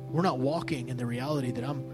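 A male preacher gives an evening sermon in a relaxed, conversational way, often dropping to a hushed near-whisper for asides. His voice sits at an ordinary pitch, and faint guitar plays underneath. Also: quick pace, rough recording. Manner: conversational, soft-spoken storytelling with hushed asides.

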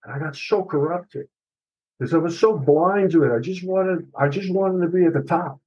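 A man's voice: a little high, normal speed, dark tone, breathy edge, dull audio. A middle-aged man, an author and podcast guest, telling his personal story in an emotional, earnest and confessional way, with some swearing.

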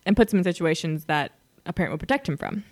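A woman's voice: fairly low pitch, lively intonation, fast. A woman co-hosting a casual fan podcast, explaining things with enthusiasm and laughing often. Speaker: podcast co-host.

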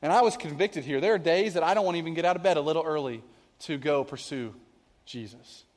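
High-voiced male pastor preaching. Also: quick pace. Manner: conversational preaching, asks the congregation questions. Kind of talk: sermon. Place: church venue with a cafe. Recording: long hall reverb.

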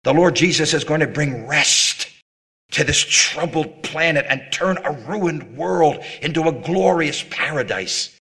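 A man's voice: a little high, a little slow, sharp tone, husky. A man preaching a sermon in an earnest, appealing way, with dramatic rises and drops in his voice.

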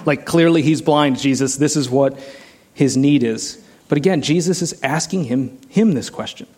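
A man's voice: medium pitch, moderate pace, darkish tone. A man preaching a sermon in a casual, conversational way, asking the listeners many rhetorical questions. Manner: many restarts and "like" fillers. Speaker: pastor.

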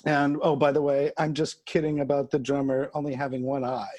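A man with a somewhat high voice tells a funny story in a loose, casual way. He laughs often and doubles back on words as he builds each scene. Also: flat delivery, fairly quick, hardly any pauses, darkish tone. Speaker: storyteller guest. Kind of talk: casual anecdote.

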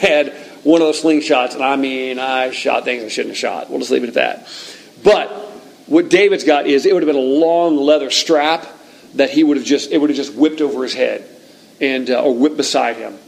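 A man preaching a sermon, retelling a scripture story in an animated, conversational way with frequent restarts. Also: mid-range voice, vocal fry, low-quality recording.

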